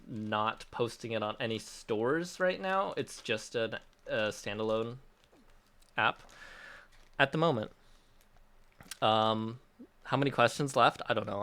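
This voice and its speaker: A man's voice: medium pitch, fairly bright tone. A man hosting a casual livestream Q&A, reading out chat questions and answering them in an upbeat, chatty way with frequent laughs and restarts. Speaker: app developer hosting a release livestream.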